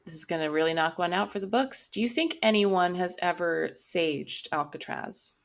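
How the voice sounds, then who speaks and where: A woman's voice: fairly low pitch, moderate pace. Brief: a woman as a laid-back podcast co-host, giggly, curious, chatting with a close friend. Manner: giggly, easygoing, questioning. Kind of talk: casual chat between friends.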